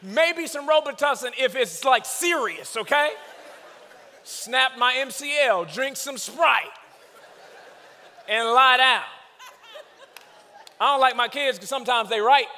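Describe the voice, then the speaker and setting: A man preaching a comedic sermon in a large church hall, telling animated stories about his kids with shouted punchlines. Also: very high voice, takes it slowly, pauses often. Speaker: guest preacher. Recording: long hall reverb.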